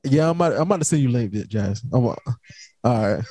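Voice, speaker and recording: A man's voice: mid-range voice, lively intonation, quick pace, warm tone, slightly rough. A young man hosting a casual late-night podcast, talking in a laid-back, rambling way full of slang. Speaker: podcast host.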